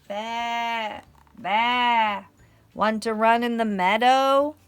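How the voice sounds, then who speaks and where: A woman voicing friendly farm animals in a storybook read-aloud, with loud, high, lively calls. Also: extremely slow, a little hiss or hum. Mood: playful.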